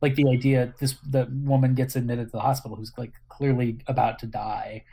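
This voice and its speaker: A husky-voiced speaker co-hosting a podcast, talking through a film in a relaxed, halting way, often restarting a thought. The pitch sits in an even middle range. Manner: hesitant, many restarts and fillers. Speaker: podcast co-host. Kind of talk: casual film discussion.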